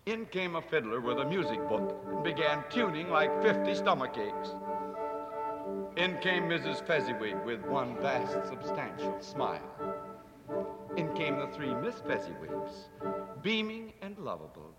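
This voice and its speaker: A man reading a classic story aloud with dramatic expression, shifting from hushed to lively. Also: fairly high pitch, a little slow, loud music behind the voice. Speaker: narrator. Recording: long hall reverb.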